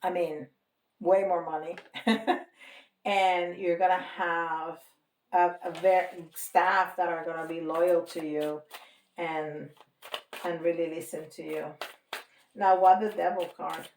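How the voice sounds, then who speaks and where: A woman talks viewers through a tarot reading in a relaxed, reassuring way, and she often breaks into light laughter. Her pace is very slow and her voice sits a little low. She sounds set back from the mic in a roomy, echoing space. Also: a little hiss or hum. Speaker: tarot reader. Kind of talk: casual tarot reading to camera. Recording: roomy, from a distance.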